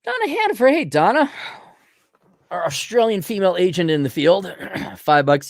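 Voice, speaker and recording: A middle-aged man hosting a livestream, reading viewer donations and ranting bluntly with profanity, frequent throat-clearing, and a voice that is giving out. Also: on the high side, sing-song, normal speed, dry recording, clean studio sound. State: losing his voice. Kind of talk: blunt opinionated livestream rant.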